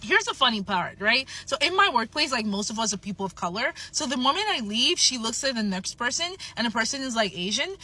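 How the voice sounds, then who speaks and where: Bright, animated young woman telling a story. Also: a little high, fairly quick, few pauses. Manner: animated, expressive, swearing. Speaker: salesperson. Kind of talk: casual storytime to camera.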